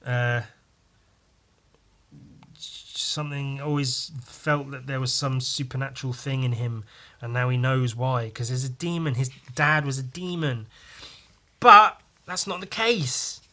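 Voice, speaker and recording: Male podcast host: loose, profane, jokey comic-review patter with a bright voice. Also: medium pitch, steady tone, a little slow, long pauses. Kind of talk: casual comic review commentary.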